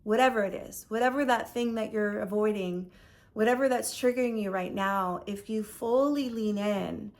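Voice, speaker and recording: A woman's voice: mid-range voice, normal speed. A woman in her forties talking earnestly in a reflective video journal, often trailing off and restarting her thoughts. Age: 40s. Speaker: vlogger. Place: lives in Paris.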